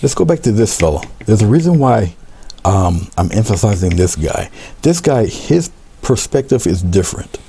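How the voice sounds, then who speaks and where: A man teaching a painting demonstration, talking relaxed as he paints, repeating short coaching phrases and often trailing off into a murmur. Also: lowish voice, moderate pace, gravelly, slightly rough. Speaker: art instructor.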